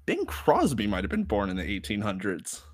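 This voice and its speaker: A man's voice: on the low side, huge pitch swings, brisk, dry recording, clean studio sound. Chatty young man co-hosting a podcast. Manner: chatty, laughs often, rambling asides. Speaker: podcast co-host. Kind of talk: casual chat.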